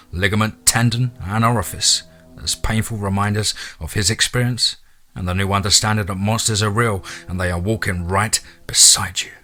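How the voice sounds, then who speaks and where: A man narrating a monster horror story in a steady, dramatic reading. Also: on the low side.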